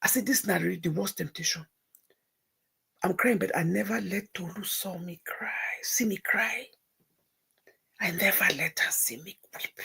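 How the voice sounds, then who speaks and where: Middle-aged woman host, husky gravelly voice, confessional storytelling with hushed and emotional swings. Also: mid-range voice, normal speed, long pauses. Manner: shifts between hushed near-whispers and tearful outbursts. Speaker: livestream host.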